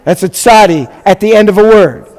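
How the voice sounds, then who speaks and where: In a congregation classroom with long reverb like a hall, a man who is a rabbi leads a live Hebrew class. Speaking at a moderate pace in a high voice with a darkish tone, he drills sounds with the students and jokes along the way.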